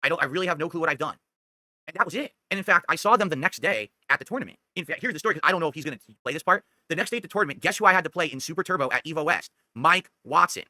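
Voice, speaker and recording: A man's voice: a little high, expressive, very fast, pushed and bright, no room sound. A middle-aged man rambling defensively through a story in casual chat, often checking in with "okay?". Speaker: streamer telling a story.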